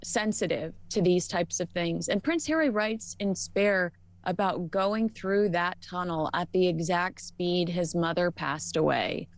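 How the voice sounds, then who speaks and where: A woman's voice: on the low side, unhurried. Texan woman commentator, emphatic and indignant. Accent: Texas. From Texas. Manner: emphatic, indignant, rhetorical questions. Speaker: commentator guest. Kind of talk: opinionated commentary.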